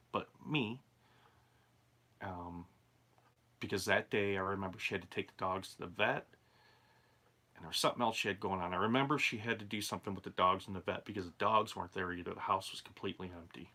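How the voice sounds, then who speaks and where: A low-pitched man with a bright, forceful tone recounts a haunted-house experience from his youth. He talks casually and rambles, circling back with asides as he goes. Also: brisk, long pauses. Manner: rambling, conversational, with many asides and fillers. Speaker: channel host and storyteller. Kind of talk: casual spoken true ghost story.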